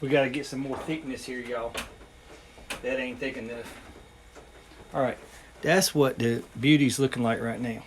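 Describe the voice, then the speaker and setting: A man's voice: medium pitch, fairly even intonation, moderate pace, long pauses, a little hiss or hum. Folksy man showing home cooking. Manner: folksy, rambling, frequent ums. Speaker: home cooking channel host. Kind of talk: casual cooking demonstration. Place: home kitchen.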